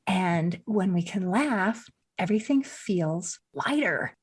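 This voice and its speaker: A woman's voice: medium pitch, animated, takes it slowly, husky. A woman hosting a podcast, talking in an affirming, enthusiastic way in casual conversation. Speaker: podcast host.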